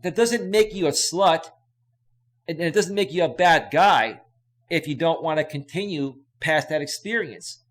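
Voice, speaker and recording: A man's voice: fairly high pitch, lively intonation, a little slow, fairly bright tone. A man coaching on relationships in a casual live stream, emphatic and repetitive, reading out viewer questions. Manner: emphatic, repetitive, reads chat questions aloud.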